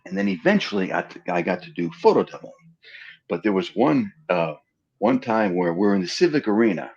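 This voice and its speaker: A man from Pennsylvania telling stories as an interview guest in a casual chat. He acts out the dialogue in his stories with lively voices. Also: fairly low pitch, brisk, creaky, highs cut off. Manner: animated storyteller acting out quoted dialogue.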